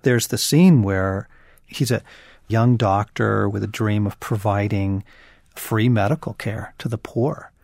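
A man's voice: fairly low pitch, measured pace, creaky, a little mellow, no echo, clean studio sound. A man co-hosting a podcast conversation, talking about faith and suffering in an earnest, emphatic, preacherly way. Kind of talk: conversational Christian teaching.

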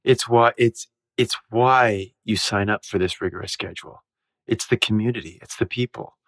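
A man, a musical theatre actor guest, telling stage stories in a casual, animated way, laughing and acting out the lines he quotes. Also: lowish voice, normal speed, dry recording, clean studio sound. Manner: animated, giggly storyteller who acts out quotes.

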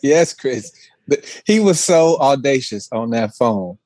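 Man, husky and fairly high, lively pitch, eager sidekick energy. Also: measured pace, no echo. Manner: chiming in eagerly, laughing. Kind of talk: casual chat.

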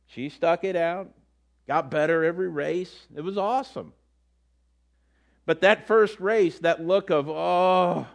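A man's voice: sits high, fairly bright tone. Man preaching a storytelling sermon. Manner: storytelling, acts out quotes with voices. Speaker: pastor.

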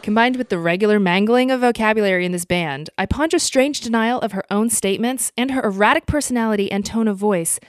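A woman's voice: mid-range voice, fast, few pauses, no room sound, close to an everyday voice. A woman voicing a brainy, pedantic female bandmate who corrects everyone, in an amateur audio drama. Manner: precise, corrective.

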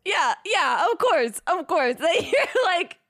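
Slow, high-pitched woman reacting with laughs. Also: sing-song, a bit bright. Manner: reactive, laughing asides and jokey interjections. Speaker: podcast co-host. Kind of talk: casual chat.

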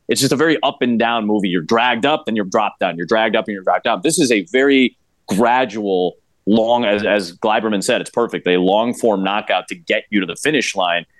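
A man guesting on a podcast, talking about a film in an eager, casual way with many quick restarts. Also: fairly low pitch, dry recording. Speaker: podcast guest, play-by-play broadcaster. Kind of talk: casual chat.

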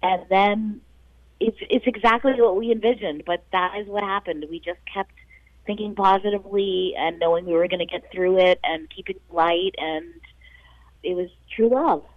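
Woman caller, dry muffled phone line, soft-spoken, emotional, halting. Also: mid-range voice, dry recording. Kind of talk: casual phone call.

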